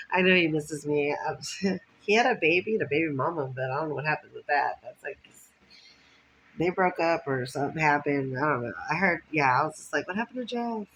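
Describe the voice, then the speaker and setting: A woman's voice: low-pitched, fairly bright tone, rough recording. A woman telling rambling stories from her life in a casual monologue, swearing and laughing often. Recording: faint background noise.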